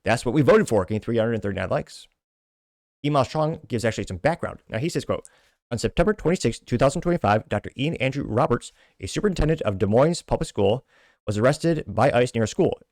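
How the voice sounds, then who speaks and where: A man hosting a talk show, reading social media comments aloud with wry asides and quick self-corrections. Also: mid-range voice, expressive, a little mellow, no echo, studio quality. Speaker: podcast host.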